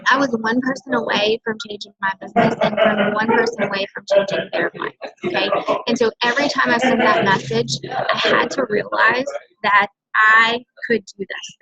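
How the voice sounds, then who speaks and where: A woman's voice: a little high, highs cut off, background noise. A woman leading a sales team, giving an emphatic motivational talk and often checking in with "okay?". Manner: emphatic, coaching, often tags lines with "okay?". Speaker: senior direct-sales team leader.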